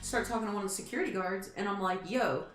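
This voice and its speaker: Rapid-fire yet steady, this woman's medium-pitched, slightly bright voice carries a long, meandering story in casual chat as a streamer host. She's chatty and rambling, heavy on fillers and asides, recorded in an echoey room with faint background music.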